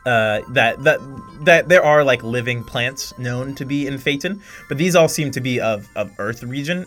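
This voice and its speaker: A man's voice: medium pitch, sharp tone. A man narrating as game master, hesitant, with many ums and restarts. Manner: halting, full of fillers and restarts.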